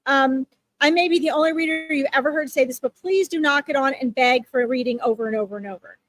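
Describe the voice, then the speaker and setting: A woman with a high, fairly bright voice talks fast, with no echo in the recording. She hosts live psychic readings and chats casually and reassuringly with her livestream viewers, saying "okay" and "um" often.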